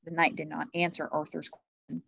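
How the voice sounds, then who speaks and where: A woman teacher reading a children's chapter book aloud in slow, expressive storytelling. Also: deep voice, creaky, slightly rough, no echo, highs cut off.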